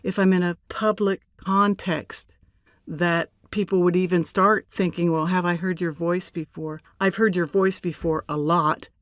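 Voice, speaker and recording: An older woman, a voice actor, telling stories in an interview in a measured, deliberate way with emphatic pauses. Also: fairly low pitch, fairly even intonation, no room sound, studio quality. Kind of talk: relaxed interview storytelling.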